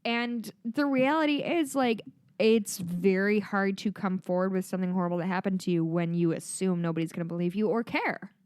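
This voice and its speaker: A woman's voice: medium pitch, brisk, a little mellow, clean tone, no echo, clean studio sound. A woman co-hosting a podcast in casual chat, blunt and swearing freely, drinking wine as she talks. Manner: blunt, swears freely, acts out quoted voices. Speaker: podcast co-host.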